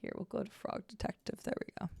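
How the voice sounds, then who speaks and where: A woman's voice: mid-range voice, wildly swooping pitch, fast talker, gravelly, warm tone, slightly rough, dry recording. A woman livestreamer chatting casually with her viewers while she sets up her stream and thinks aloud. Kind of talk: casual charity stream chat.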